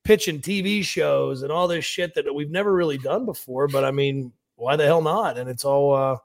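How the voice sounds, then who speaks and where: A man's voice: a little high, moderate pace, gravelly. A man speaking as a guest in a casual interview, blunt, profane and confident. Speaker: pro wrestler guest.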